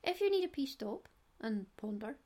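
A woman's voice: high-pitched, very animated, normal speed, a little mellow. A middle-aged Scottish woman hosting a knitting podcast, chatty and digressive with giggles. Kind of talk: casual solo podcast chat.

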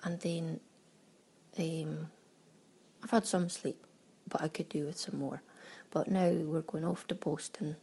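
A deep, warm, husky voice with vocal fry belongs to a Scottish woman who takes it slowly and keeps her tone steady. Recording her travel audio diary on rough audio, she chats, laughs often and acts out little exchanges with quoted exclamations.

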